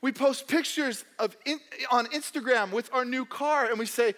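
A young man preaching a sermon in a church hall, joking and animated, putting on mock voices of doubters. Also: very high voice, moderate pace, few pauses. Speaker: pastor.

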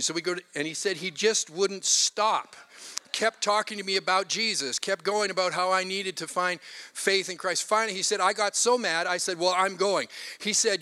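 A man's voice: high-pitched, normal speed, sharp tone. A man preaching a sermon, animatedly retelling a story with quoted voices. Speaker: pastor.

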